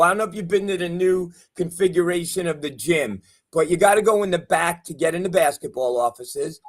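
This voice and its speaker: A man hosting a casual sports chat show over a video call, teasing and chatty, calling himself old and slow. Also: high-pitched. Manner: teasing, chatty, self-deprecating. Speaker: show host.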